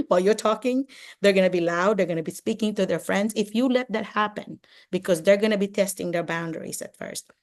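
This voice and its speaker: Animated older woman. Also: mid-range voice. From Philippines. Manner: animated, acts out classroom exchanges, many "you know"s. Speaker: retired teacher and administrator, guest speaker. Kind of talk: casual advice talk on a video call. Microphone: video call.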